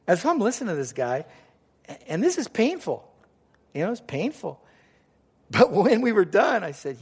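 A man's voice: high voice, sing-song, moderate pace, long pauses, slightly rough. A middle-aged man preaching a sermon as pastor, telling stories animatedly and acting out quoted voices.

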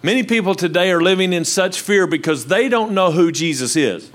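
Older man, pastor, sermon, handheld mic, fairly high voice, very lively pitch, quiet asides and loud emphasis. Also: brisk. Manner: animated, swinging from low quiet asides to loud emphatic lines. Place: church with live congregation. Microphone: handheld microphone.

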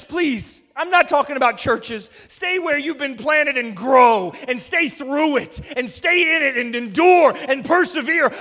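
Male preacher, emphatic sermon delivery with shouted peaks; high, bright voice in a reverberant hall.

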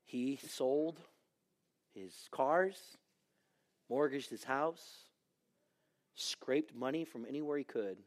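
A middle-aged man, a pastor, preaching a sermon and swinging from hushed lines to shouting. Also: medium pitch, slow pace, long pauses.

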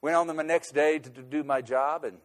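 A man telling a personal anecdote, shifting between loud, emphatic bursts and quiet, low asides. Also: fairly even intonation, brisk. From United States. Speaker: speaker recounting a trip abroad.

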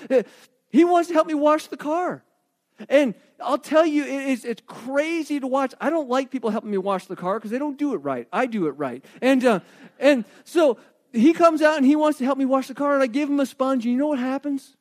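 A man preaching a sermon with animated storytelling, emphatic delivery and rhetorical questions. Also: extremely high pitch. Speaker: pastor.

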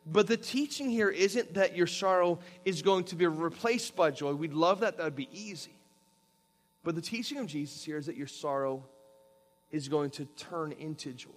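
Pastor, male, earnest sermon delivery, slightly higher voice. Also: animated, moderate pace. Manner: earnest, reads scripture aloud and gives step-by-step instructions.

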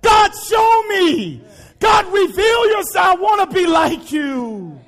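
High-pitched preacher man shouting. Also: big pitch swings, slow pace, some chatter behind. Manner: impassioned, often shouting, repetitive exhortations. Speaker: pastor. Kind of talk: sermon.

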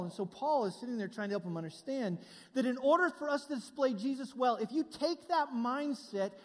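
High-voiced man preaching in a reverberant hall. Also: darkish tone. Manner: conversational preaching with asides to the congregation. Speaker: pastor. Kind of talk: sermon.

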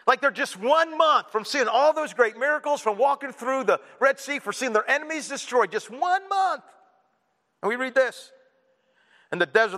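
A man preaching a sermon to his congregation, animated and playful, acting out whiny kids and an annoyed parent. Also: sits high. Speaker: pastor. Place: church hall. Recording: reverberant hall.

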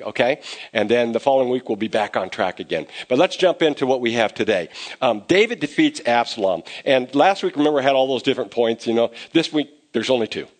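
A man preaching a sermon as pastor, conversational and growing animated as he retells scenes. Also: medium pitch.

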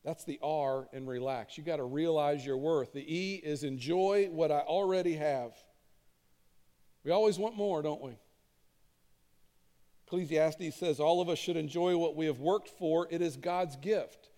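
Earnest pastor preaching in a big hall. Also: male voice, a little high, measured pace, mellow. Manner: conversational, earnest, emphatic repetition. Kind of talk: sermon. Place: church auditorium stage. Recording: long reverb of a large hall.

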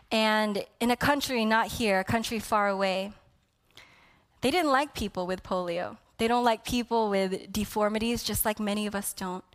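A woman preaching a sermon with passion, dropping to a hush and then building to loud emphasis. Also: mid-range voice. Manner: impassioned, swinging from hushed to loud emphasis.

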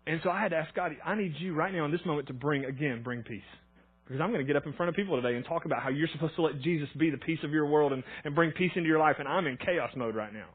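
Fast-talking pastor with a husky voice. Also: male voice, a little high. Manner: chatty storytelling with fillers and quoted inner thoughts. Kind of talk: conversational sermon. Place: church auditorium. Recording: thin phone-like sound.

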